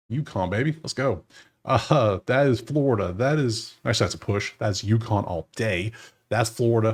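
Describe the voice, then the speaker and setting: Low-voiced man talking bracket picks. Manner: animated, thinks aloud, talks to teams directly. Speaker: sports betting channel host. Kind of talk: casual bracket breakdown monologue.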